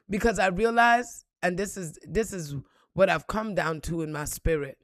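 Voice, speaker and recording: A woman giving a blunt, profane motivational monologue, repeating phrases and swinging between loud outbursts and low, reflective tones. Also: moderate pace, dry recording, studio quality. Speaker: spiritual reader and motivational vlogger.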